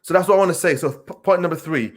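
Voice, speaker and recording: A man from England giving an earnest motivational talk, stressing points through repetition, with pauses and filler sounds. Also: fairly high pitch. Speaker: speaker addressing young people.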